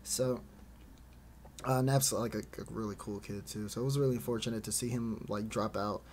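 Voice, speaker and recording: A man's voice: lowish voice, steady tone, moderate pace, a little mellow, a little hiss or hum. A man hosting a casual esports podcast, rambling with lots of fillers and frequent laughs. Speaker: podcast host. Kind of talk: casual chat about esports.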